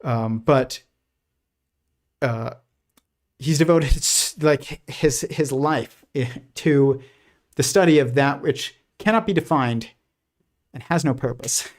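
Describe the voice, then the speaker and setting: A man's voice: mid-range voice, slow, pauses often. A man talking through his thoughts on a casual livestream, with a mid-range voice. He rambles, restarts his sentences, and leans on fillers. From United States. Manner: rambling, many restarts and fillers, laughs softly. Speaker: host.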